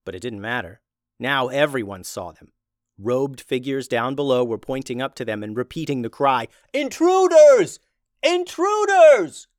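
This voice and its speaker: A man's voice: mid-range voice, moderate pace, a bit bright, dry recording, clean studio sound. Man reading a children's adventure story.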